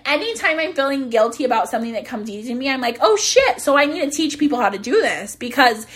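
A woman's voice: sits high, lively intonation, fast talker, fairly bright tone. A young woman vlogger and business coach chatting casually, bubbly, swearing freely and laughing often. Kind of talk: casual chat. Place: sitting on a closet floor.

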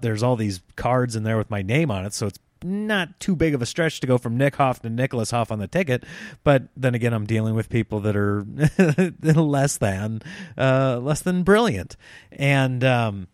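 A man telling a story in a casual, self-mocking way, jumping into other people's voices as he acts out the dialogue. His voice sits at an ordinary middle pitch. The sound is dry and close, with no room around it. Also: lively intonation, normal speed, no room sound.

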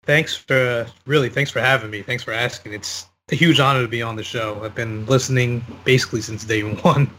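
A man's voice: medium pitch, steady tone, brisk, few pauses, bright, forceful tone, low-quality recording. A man co-hosting a podcast, modest and laid-back, chatting casually and laughing often. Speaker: guest co-host.

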